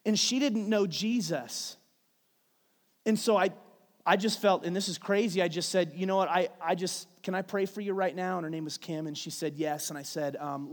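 A man's voice: high-pitched, fairly even intonation, normal speed. A man preaching a sermon, telling a family story in a conversational way with frequent restarts. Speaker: pastor. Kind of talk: sermon with personal stories. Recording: long hall reverb.

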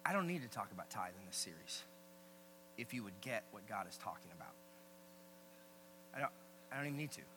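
A man preaching a sermon as pastor, energetic and repetitive, with joking asides. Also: lowish voice, brisk, pauses often, background noise.

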